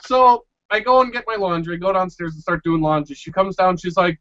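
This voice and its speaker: Brief: high-pitched male podcast co-host, animated ranting storyteller, muffled lo-fi audio. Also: fairly quick, few pauses, dry recording. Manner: animated, exasperated storyteller who acts out quotes. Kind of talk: casual storytelling chat.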